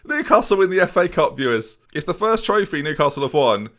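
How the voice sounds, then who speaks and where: A young man commentating on his own football management game, excitable and talking to his viewers. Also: on the high side, a little fast. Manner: excitable, mock-commentator, addresses viewers constantly. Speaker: gaming YouTuber.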